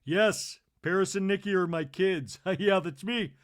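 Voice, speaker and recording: A man putting on a middle-aged rich socialite woman, airy and prankish. She talks in a breathy, high sing-song, up in the voice and fairly loud. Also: measured pace. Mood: showy.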